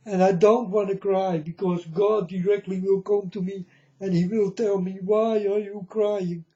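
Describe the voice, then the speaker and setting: A man's voice: high voice, flat delivery, moderate pace, mellow, highs cut off. A man giving an emotional personal testimony in non-native English, earnest and pleading, often calling his listeners folks. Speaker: self-proclaimed prophet.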